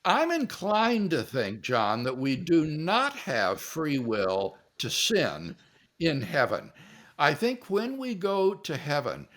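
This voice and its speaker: Older man, guest philosopher, lively raised voice, acts out quotes. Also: on the high side, slow. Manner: animated storyteller, acts out quotes. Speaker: guest philosopher answering questions. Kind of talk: relaxed question-and-answer storytelling.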